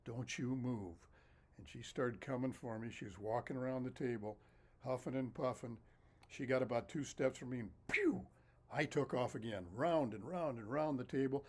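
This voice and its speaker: A man telling a story from his own childhood in a casual way, lively and animated, often laughing as he talks. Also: mid-range voice, brisk. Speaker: storyteller and author.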